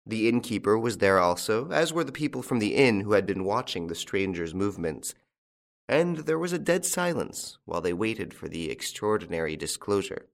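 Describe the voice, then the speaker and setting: A man narrating a classic story as an audiobook, with an expressive storytelling delivery. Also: on the low side, normal speed, creaky.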